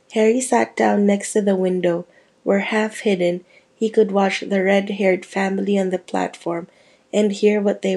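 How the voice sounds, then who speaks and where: A woman reading a chapter of a novel aloud in a steady storytelling manner, with small slips and restarts. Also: medium pitch, creaky, breathy edge. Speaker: reader.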